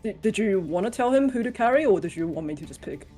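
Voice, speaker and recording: Female game master, lively voice, puzzled and amused, soft music behind. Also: mid-range voice, quick pace. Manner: bemused, asks lots of questions. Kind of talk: casual tabletop game chat.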